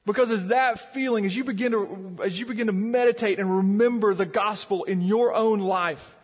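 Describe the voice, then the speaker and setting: A man's voice: high voice, normal speed, breathy edge, big-room sound. A man preaching a sermon as pastor, earnest and often repeating words as he builds emphasis. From Virginia mountains.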